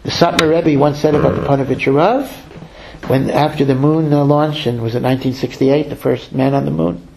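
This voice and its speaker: Guy giving a sermon, tells stories, kinda gravelly, slows down on the big points. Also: medium pitch, slight background noise, rough recording. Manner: animated storyteller, acts out quoted voices; slows to stress key lines. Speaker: rabbi. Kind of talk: storytelling sermon.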